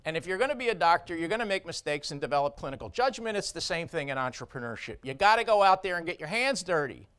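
A man's voice: on the high side, animated, fast talker, hardly any pauses, a bit bright, clean tone. A man who is a surgeon giving a conference keynote speech, blunt and emphatic, driving points home with short repeated phrases.

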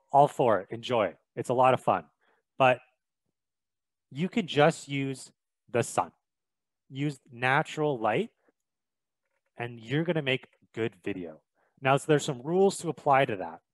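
A young man from Canada explains filming and lighting in a casual, emphatic way, stumbling over words and filling pauses. His voice sits at an ordinary pitch and is recorded close with almost no room sound. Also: dry recording, low-quality recording. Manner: chatty, filler-heavy, emphatic. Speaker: video production instructor. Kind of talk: casual instructional talk. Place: home room by a window.

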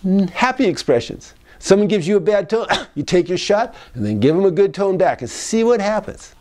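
High, lively male psychologist giving advice. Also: normal speed. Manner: animated, acts out tones of voice, repeats key phrases. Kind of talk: casual advice monologue.

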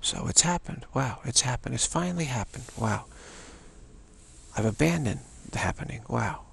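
A man's voice: mid-range voice, lively intonation, moderate pace, gravelly, husky. A man giving a meandering, informal dharma talk as a spiritual teacher, often repeating phrases like a chant.

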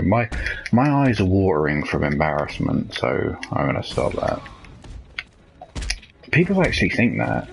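A man with a deep voice chats through a live gameplay stream, drifting between thoughts, cursing casually, and letting sentences trail off. He talks at an unhurried pace, with a faint hiss of noise underneath. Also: creaky. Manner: rambling, swears freely, trails off. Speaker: live streamer playing a video game.

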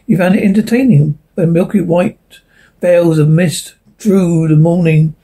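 Husky woman reading a storybook aloud. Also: lowish voice, unhurried, dark tone, rough recording. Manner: informal reading with restarts. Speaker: narrator. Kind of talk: audiobook reading of a novel.

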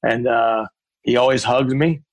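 A man, a guest author and speaker from Ohio, telling lively anecdotes in a podcast interview. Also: mid-range voice, a little slow, low-quality recording. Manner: animated anecdotes with quoted voices.

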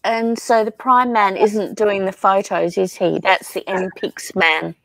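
Unhurried woman chatting on a craft stream. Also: mid-range voice, fairly even intonation, gravelly, a bit bright, dry recording. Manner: unhurried, chatty, laughs often. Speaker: livestream crafting host. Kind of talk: casual chat reading viewer comments aloud.

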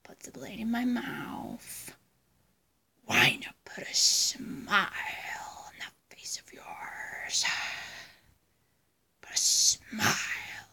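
A chaotic, grinning male villain, put on by a woman hisses his lines in a hoarse, breathy whisper. The words come slow and drawn out. Under the whisper sits a bright, tense tone. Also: fairly high pitch, animated, exaggerated voice. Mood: menacing whisper.

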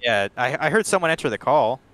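A man's voice: mid-range voice, big pitch swings, brisk, fairly bright tone. A young man with a nasal voice, chatting and joking with friends over a voice call while playing a game. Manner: joking, self-mocking. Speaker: gamer. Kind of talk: casual chat.

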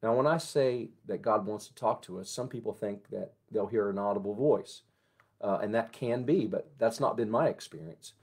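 Gentle lower-voiced pastor giving a devotion. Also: male voice, normal speed, breathy edge. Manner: gentle and conversational, with soft prayerful passages. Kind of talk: morning devotional sermon.

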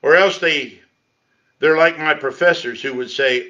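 A man's voice: a little high, unhurried, bright, forceful tone. A man preaching a sermon as pastor in his church, talking in a conversational way with sarcastic asides. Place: church sanctuary. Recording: lo-fi livestream audio.

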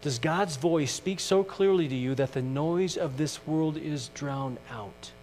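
Pastor preaching in an echoing church. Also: male voice, fairly high pitch, measured pace. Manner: earnest, shifting from loud emphasis to hushed questions. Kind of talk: sermon. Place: church sanctuary. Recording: distant mic in a reverberant church with mains hum.

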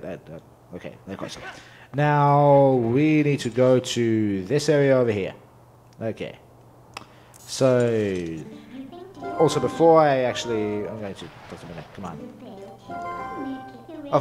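A man's voice: on the low side, darkish tone. A man casually commenting on his own gameplay as a let's play host, mumbling to himself and cracking jokes.

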